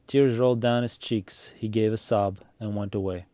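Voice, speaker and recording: Brief: male story reader, low-pitched, relaxed narration, occasional slips. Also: no echo. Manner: unhurried, small slips. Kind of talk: reading a story aloud.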